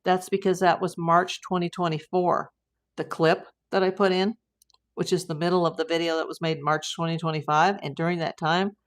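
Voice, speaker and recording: Her voice lowish and her delivery flat at normal speed, a middle-aged American private investigator runs a relaxed livestream. She meanders through viewers' comments, full of fillers and false starts.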